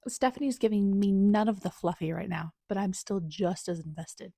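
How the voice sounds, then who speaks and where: A woman book vlogger reacting out loud as she reads, dramatic and exclaiming at the author, sometimes dropping to a whisper. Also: mid-range voice, normal speed, vocal fry, no echo, clean studio sound. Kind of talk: casual live reading reactions.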